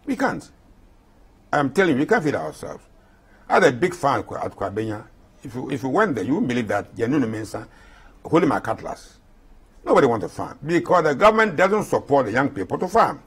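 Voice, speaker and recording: A man's voice: mid-range voice, very animated, a little fast, a bit bright, husky. A man in his eighties with a Ghanaian accent, an interview guest speaking with passion and repeating points for emphasis. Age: 80s. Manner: impassioned, repeats himself for emphasis.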